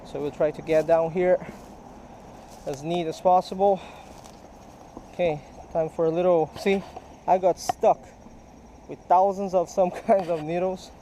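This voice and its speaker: A man's voice: sits high, fairly even intonation, measured pace, long pauses, warm tone, a little hiss or hum, rough recording. A man chatting to his viewers while fishing outdoors beside a creek, talking casually as he goes. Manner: chatty, addresses viewers directly. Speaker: fishing vlogger. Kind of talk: casual outdoor vlog narration.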